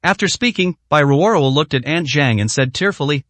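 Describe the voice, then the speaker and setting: A male storyteller reads a story in a steady, even way. His voice sits a little high, and the recording is dry and close, with no room sound. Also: brisk, few pauses, no room sound. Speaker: narrator. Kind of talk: audiobook story narration.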